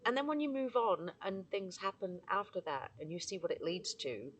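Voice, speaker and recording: A woman's voice: medium pitch, big pitch swings, moderate pace, a bit bright, slight background noise. A woman vlogging outdoors among trees in the morning, tearful and effusive, laughing often as she reflects. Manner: emotional, effusive, laughing often, bursts into singing. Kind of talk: casual spoken reflection.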